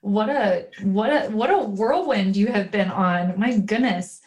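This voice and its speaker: A woman hosting a podcast interview, asking reflective questions in a gentle, probing way with some "um"s. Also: mid-range voice, measured pace. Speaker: podcast host. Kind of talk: conversational interview.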